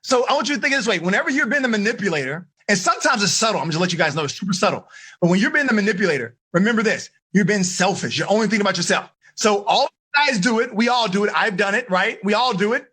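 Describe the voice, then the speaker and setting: High-voiced husky man coaching teens. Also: quick pace. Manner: energetic, asks questions, coaxing. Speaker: teen life coach. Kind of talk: live online seminar for teenagers.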